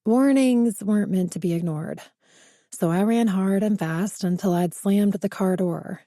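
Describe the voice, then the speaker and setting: A woman narrates a first-person thriller audiobook, building suspense at an even pace. Her voice is dark and mellow and sits at a middle pitch. The recording is close and dry. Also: unhurried, no room sound.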